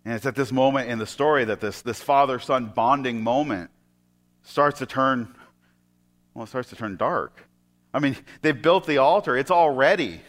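A man preaching a sermon. He retells a scripture story and often drops into soft, hushed tones. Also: medium pitch, a little fast.

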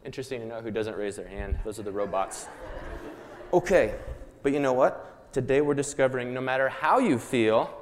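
A man leading a children's Bible lesson, playful and animated, coaxing the audience to join in. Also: medium pitch, a little fast, background noise. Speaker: children's Bible program leader. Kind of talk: lively kids' Bible lesson with skit. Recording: echoey hall.

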